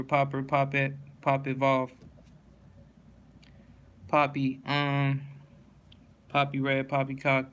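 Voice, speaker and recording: Flat-voiced man reading a word list. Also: medium pitch. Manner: flat, steady word-by-word reading with small slips and self-corrections.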